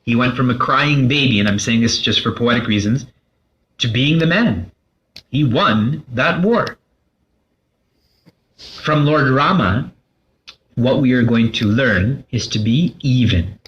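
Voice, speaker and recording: A man's voice: medium pitch, unhurried, long pauses, fairly bright tone. A man gives a spiritual talk in an engaging, conversational way. He poses questions and answers them himself, with a playful touch. The recording sounds a little dull and lo-fi. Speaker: spiritual teacher.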